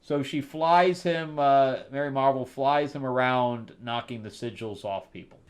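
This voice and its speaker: A man's voice: mid-range voice, unhurried. Rambling, sarcastic male comic reviewer. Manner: rambling, sarcastic, laughs often. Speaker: comic book reviewer, host. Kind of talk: casual review chat.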